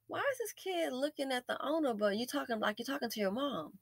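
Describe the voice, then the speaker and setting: A woman's voice: high voice, lively intonation, fairly quick, vocal fry, hardly any pauses, no echo, clean studio sound. A woman host giving casual, opinionated commentary, telling a story with wry asides.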